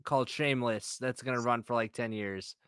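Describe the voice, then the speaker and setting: A man's voice: mid-range voice, brisk, clean tone, dry recording, studio quality. A man chatting as a podcast guest, telling stories and acting out what people said. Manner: animated storyteller who acts out quoted lines. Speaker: podcast guest, comic creator. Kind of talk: casual chat.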